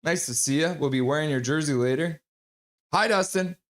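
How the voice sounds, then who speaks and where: Male stream host, slightly high voice. Chatty and reactive, reads chat aloud, bursts into loud exclamations. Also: normal speed. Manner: breaks into loud excited exclamations. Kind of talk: casual live-stream hockey chat.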